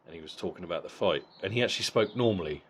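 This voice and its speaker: Deep-voiced blunt man reviewing a boxing fight. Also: animated, racing, a little hiss or hum. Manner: blunt and profane, with frequent repeated words. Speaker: boxing vlogger.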